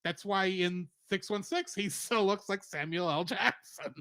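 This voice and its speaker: A man's voice: high voice, measured pace, pushed and bright, clear, resonant tone, dry recording, studio quality. A man co-hosting a podcast, chatting casually and animatedly, laughing often as he rattles off trivia. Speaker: podcast co-host. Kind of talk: casual review chat.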